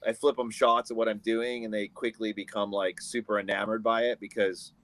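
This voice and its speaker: A man from the United States, a guest photographer, telling animated stories in a casual interview over a video call. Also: fairly low pitch, brisk. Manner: animated storyteller, acts out quoted people.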